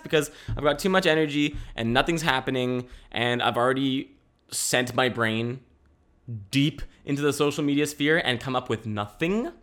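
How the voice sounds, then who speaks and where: A young man hosts a casual solo podcast from home, recorded on a camera mic. His medium-pitched voice is a bit bright, and he rambles, restarts, and swears.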